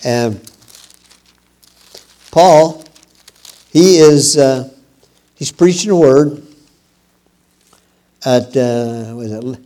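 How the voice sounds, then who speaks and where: A male preacher delivers a sermon at a slow, deliberate pace, in a mid-range voice. He talks loosely and conversationally, pausing often, and swells higher and louder whenever he reads out scripture. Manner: rises louder and higher when quoting scripture.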